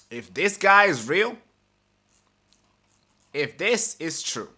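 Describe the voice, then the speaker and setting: Bright-voiced ranting male stream host. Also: mid-range voice. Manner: ranting, swears, repeats himself, slips into mocking voices. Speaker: political commentary host. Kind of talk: live-stream commentary reading an article.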